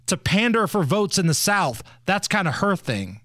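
Bright-voiced man mocking politicians. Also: sits high, big pitch swings, moderate pace, dry recording, clean studio sound. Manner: mocking, laughs often. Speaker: podcast co-host. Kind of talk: casual political commentary.

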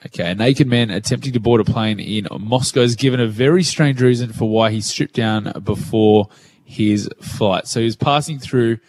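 A man's voice: mid-range voice, normal speed, a little mellow. A man with an Australian accent co-hosting a radio show from his living room, joking and laughing often. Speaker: radio co-host. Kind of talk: casual chat.

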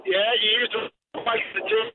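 A man with an Australian accent calling in to a radio show, telling a rambling, excited story. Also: very high voice, normal speed. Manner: rambling, excited yarn-spinner. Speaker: caller. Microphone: telephone. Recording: tinny noisy phone line.

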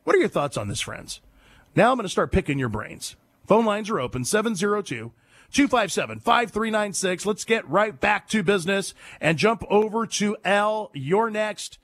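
Animated high-pitched talk radio host man. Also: normal speed, no echo. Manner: animated, sarcastic, jumps between loud and hushed. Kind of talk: opinionated call-in talk radio monologue.

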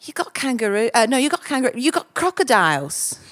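A woman's voice: on the high side, sing-song, brisk, fairly bright tone, pitched above the performer's own voice. A woman putting on a muddled clueless agency lady. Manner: confused, insistent repetition.

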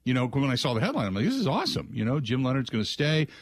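A man hosts a sports talk radio show in a casual, rambling way, drifting between stories and call-in prompts. His voice sits at an ordinary middle pitch. The studio sound is close and dry. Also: rapid-fire, dry recording. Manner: rambling, chatty, lots of filler and restarts.

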